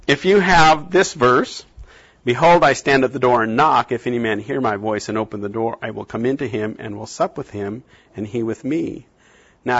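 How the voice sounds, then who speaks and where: Male classroom teacher, animated storyteller, mid pitch, slightly muffled recording. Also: breathy edge. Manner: animated, acts out scenes with big jumps in pitch. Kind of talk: classroom lecture on Bible translation.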